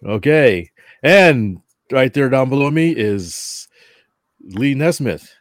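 A man hosting a hobby podcast in casual chat, playful and quick to laugh. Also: medium pitch, dry recording, clean studio sound. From northern US. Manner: playful, animated, laughs easily. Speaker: podcast host.

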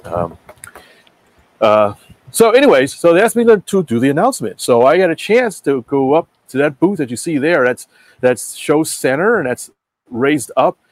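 A man's voice: on the high side, very animated, moderate pace, no room sound. Rambling man in casual chat. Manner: rambling, lots of fillers. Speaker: podcast host.

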